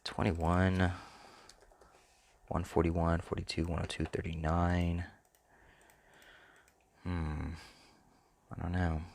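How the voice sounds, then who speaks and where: A man's voice: low-pitched, monotone, takes it slowly, gravelly, long pauses, a little mellow. A man hosting a sports picks channel, talking casually and thinking aloud, hesitant and trailing off often. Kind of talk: casual solo commentary.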